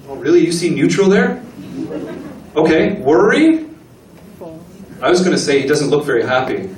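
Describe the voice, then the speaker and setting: A man's voice: medium pitch, a little mellow, a little hiss or hum. Man, guest speaker, chatty presentation, talks to the crowd, echoey hall, distant mic. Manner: chatty, asks the audience questions, acts out little dialogues. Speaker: guest speaker at an embassy talk. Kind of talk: lecture presentation to an audience. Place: event room with an audience. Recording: echoey room recording from a distance.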